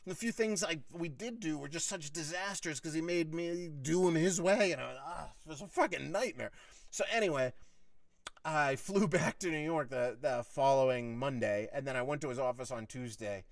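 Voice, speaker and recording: A man's voice: on the high side, normal speed, dry recording, distant mic. A middle-aged man telling a long story in casual monologue, swearing freely and acting out heated arguments. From United States. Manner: profane, animated, acts out heated quotes. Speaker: podcast host.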